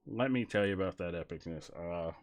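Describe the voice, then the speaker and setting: A man streaming casually, joking and rambling through an improvised silly story, swinging from mumbles to loud bursts. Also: low-pitched, fairly quick.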